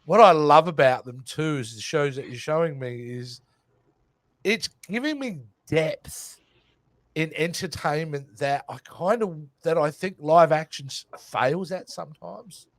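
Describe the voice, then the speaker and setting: An Australian man co-hosting a casual podcast, enthusiastic and quick to laugh. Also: fairly high pitch, animated, no room sound. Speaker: podcast co-host.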